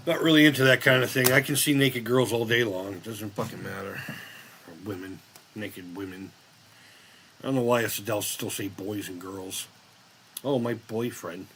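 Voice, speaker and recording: A man's voice: on the low side, expressive, brisk, a bit bright, slight background noise. An American man hosting a casual live chat, rambling and swearing freely as he laughs along. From United States. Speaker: live stream host.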